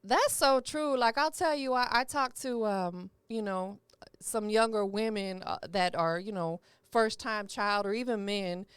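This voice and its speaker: A woman's voice: medium pitch, measured pace, smooth, no echo, studio quality. A woman hosting a podcast interview, chatty and encouraging. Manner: chatty, encouraging, uses lots of "you know what I'm saying". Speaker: podcast host. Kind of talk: casual interview chat.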